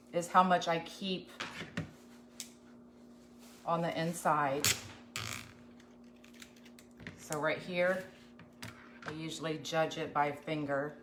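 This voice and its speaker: A woman's voice: lowish voice, slight background noise. A woman hosting a live craft tutorial, chatting folksily with viewers as she works. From USA. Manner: chatty, folksy, talks to viewers while working. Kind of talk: live craft demonstration chat.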